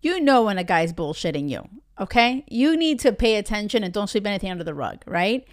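Blunt, lively woman giving dating advice. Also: medium pitch, brisk. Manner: blunt, emphatic, swears freely, talks straight to listeners. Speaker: podcast host.

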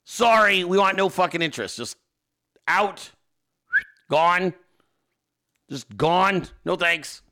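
A man talks straight to his live audience, swearing freely and ranting. His voice sits fairly high for a man, bright and forceful. His pitch swings widely as he works himself up. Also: expressive, slow pace, pauses often. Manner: profane, ranting; reads viewer emails and chat aloud. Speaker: host. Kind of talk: casual livestream chat.

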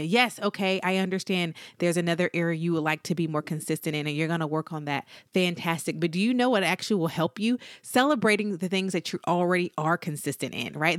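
Encouraging woman podcast host, slightly low voice. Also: no echo, studio quality. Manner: encouraging, slows down for emphasis. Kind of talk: solo motivational podcast talk.

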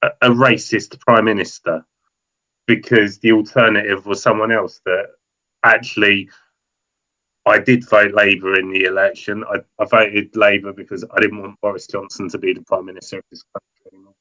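A man talking football and politics on a podcast, hesitant and thinking aloud with many pauses. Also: lowish voice, flat delivery, sharp tone, rough recording. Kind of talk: casual football podcast chat.

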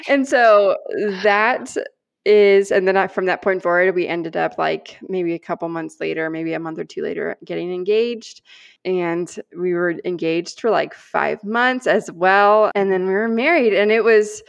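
A woman co-hosting a podcast, telling a personal story in an animated, earnest way and acting out the lines she quotes. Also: lowish voice, measured pace, gravelly, muffled recording. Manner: animated storyteller, acts out quoted prayers and dialogue; earnest and heartfelt. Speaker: podcast co-host.

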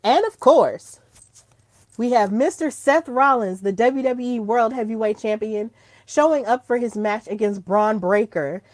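A woman hosting her own podcast in casual solo chat, gushing and excitable, breaking into squeals when thrilled. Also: on the high side, measured pace, no room sound. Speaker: podcast host.

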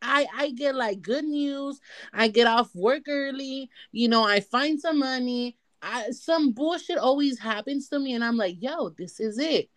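A woman's voice: high-pitched, a little slow. A woman co-hosting a podcast, chatting casually in a bold, teasing, playful way. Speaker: podcast co-host. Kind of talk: casual chat.

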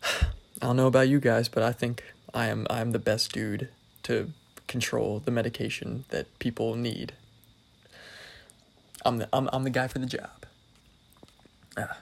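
Rambling gravelly young man. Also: mid-range voice, level tone, measured pace, pauses often. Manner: rambling, self-deprecating, wry. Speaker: solo podcast host. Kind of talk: casual solo podcast monologue.

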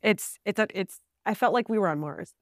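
A woman tells her adventure story in a casual, animated way, with plenty of fillers and laughter. Her voice sits at an everyday middle pitch. The recording is dry and close. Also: fairly quick, no room sound. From Southern California. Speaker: podcast guest.

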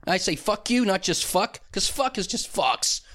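A man's voice: sits high, very animated, moderate pace, bright, forceful tone. A young man hosting his own show alone, ranting in a rambling, profane way and mimicking people with a raised voice. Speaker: podcast host. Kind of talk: solo comedic rant.

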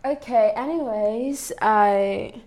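A woman's voice: fairly high pitch, slow. A young woman hosting her own podcast, chatting in an earnest, rambling way with many fillers and restarts, her British accent put on over an American-style base. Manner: earnest, soft-spoken, with frequent light laughs. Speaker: podcast host. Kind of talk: casual solo podcast talk.

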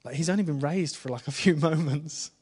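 A man giving an informal church talk to a live congregation, chatty and friendly, asking the room questions and dropping to a hushed voice when he retells the story. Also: on the high side, brisk, slightly rough. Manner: chatty, asks the congregation questions, with small laughs. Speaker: preacher.

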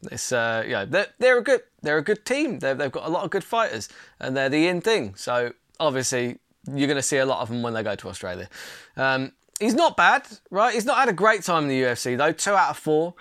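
A young man rattles through a casual fight preview, chatty and opinionated. His voice sits a little high, and the sound is dry and close. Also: very animated, fairly quick, a bit bright, no echo. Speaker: MMA channel host.

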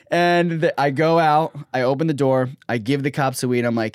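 A man telling a story in casual chat, animated, jumping into other voices for the people he quotes. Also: mid-range voice, a little fast, no echo, clean studio sound. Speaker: guest.

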